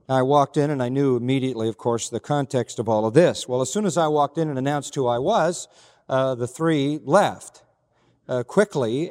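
A man's voice: medium pitch, darkish tone. An older man, a pastor, preaching an earnest, emphatic sermon and retelling a story with quoted dialogue. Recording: hall reverb.

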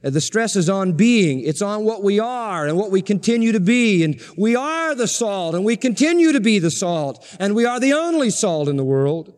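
A male pastor preaching in a high, ringing voice, hammering each point home through repetition. His words trail off into a long, echoing reverb, the way a sanctuary sounds. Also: very animated, moderate pace, hardly any pauses, darkish tone. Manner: emphatic, repeats phrases for stress. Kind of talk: sermon.

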